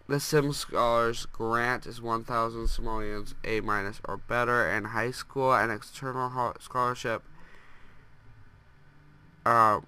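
Stuffy-nosed young man, bright voice. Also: medium pitch, clear, resonant tone. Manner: rambling, chatty, scolding the game characters. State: stuffed-up nose, sniffling. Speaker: gameplay commentator. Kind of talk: casual let's play commentary.

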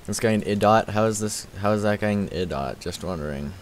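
A man's voice: on the low side, fairly quick, a little hiss or hum. A young man streaming a game, chatting casually, goofy and self-mocking, trash-talking, singing snatches of songs. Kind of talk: casual gaming stream commentary.

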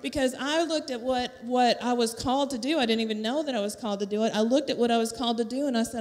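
A middle-aged woman with a Southern US accent tells a lively testimony in a church, laughing often and acting out the voices of others. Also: a little high, quick pace, few pauses. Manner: lively storytelling, laughing often, acts out quotes. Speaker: teacher sharing a testimony at church. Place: church sanctuary. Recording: echoey church hall.

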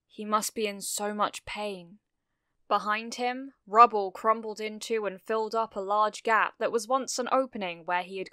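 A woman reading fan fiction aloud, narrating a story with steady, expressive delivery. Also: mid-range voice, clean tone, dry recording, studio quality.

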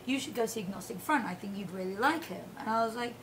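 A woman, chatting casually as a guest and telling animated stories with frequent laughter. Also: medium pitch, fast talker, slight background noise, low-quality recording. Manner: animated storyteller, laughs often. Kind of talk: casual chat.

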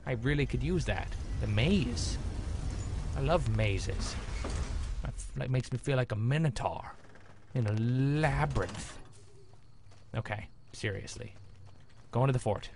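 A man's voice: medium pitch, lively intonation, measured pace, long pauses, noisy background. A young man commentating his gameplay in a jokey, rambling way with frequent exclamations. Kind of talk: let's play commentary.

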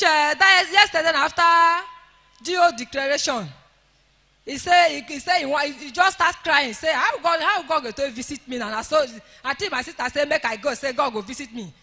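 A Nigerian woman giving an emotional church testimony, rising to shouts of praise. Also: high voice, long reverb tail.

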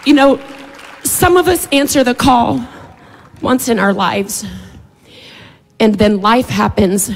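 Slow, heartfelt woman preaching. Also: mid-range voice, darkish tone, slightly rough. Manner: emotional, heartfelt, slow and drawn out. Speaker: church speaker. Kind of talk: sermon with prayer.

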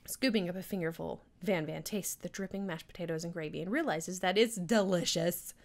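A woman streaming a dating game, reading it aloud with sarcastic asides, frequent giggles and loud reactions. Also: on the low side, a little fast.

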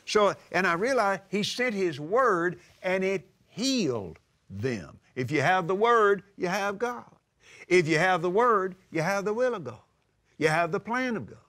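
An older man preaching a sermon, emphatic and drawing out scripture quotes slowly. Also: sits high, sing-song, bright, forceful tone. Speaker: televangelist preacher. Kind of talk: sermon-style teaching.

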